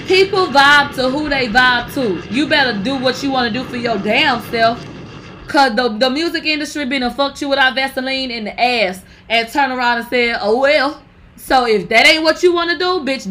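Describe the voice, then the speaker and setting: A woman's voice: high voice, sharp tone, slight background noise. A young woman giving brash, profane gossip commentary, talking straight to her viewers. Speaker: commentary vlogger.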